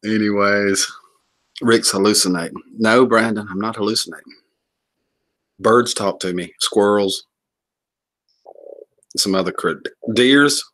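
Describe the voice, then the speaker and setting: A man's voice: fairly low pitch, measured pace, pauses often, a bit bright. A man hosting a casual livestream, joking, laughing often and rambling as he greets viewers and reads comments. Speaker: livestream host.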